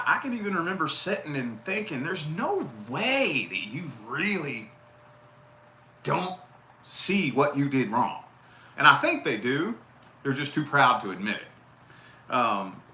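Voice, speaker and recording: Blunt male tarot reader, bright tense voice, roomy echo; casual and profane. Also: medium pitch. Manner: blunt, profane, repeats key phrases. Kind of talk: casual live tarot reading. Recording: roomy echo with faint noise.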